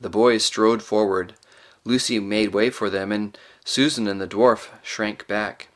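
A man narrating a storybook audiobook in a measured, expressive reading. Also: on the low side.

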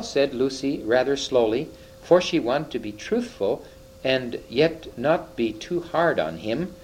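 A man reading a storybook aloud with expressive narration, slowing down for vivid moments. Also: medium pitch, slight background noise, rough recording. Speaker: storybook reader.

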